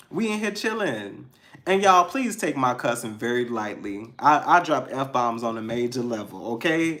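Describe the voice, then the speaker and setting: A man giving a casual spiritual pep talk as a tarot reader, animated and slangy, swearing freely. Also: medium pitch.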